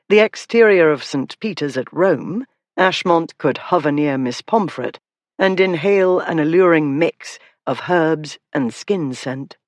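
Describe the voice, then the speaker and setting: An audiobook narrator reading a historical romance in measured, expressive scripted narration. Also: mid-range voice, no echo.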